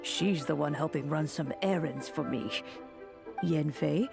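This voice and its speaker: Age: old. Figure: a gentle grandmotherly elder. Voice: gravelly, low. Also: exaggerated voice. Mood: gently formal. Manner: soft, unhurried, formal and doting. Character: kindly ancient grandmotherly woman, gentle, wise. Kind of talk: game character dialogue. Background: game music.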